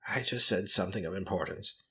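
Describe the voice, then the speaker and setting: A mild-mannered clergyman answers slowly and reluctantly, a low and unhurried voice, as a narrator plays him. He sounds unwilling and careful with each word. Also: gravelly, bright, forceful tone, exaggerated voice. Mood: hesitant. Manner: reluctant and slow.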